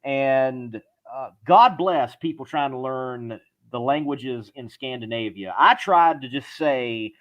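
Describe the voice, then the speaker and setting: A male host from southern Louisiana chatting easily on a live show, with a mid-pitched voice. He jokes along and doubles up his words as he talks, warm and loose. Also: takes it slowly, lo-fi sound. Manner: friendly, repeats words, jokes. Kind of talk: casual live show chat.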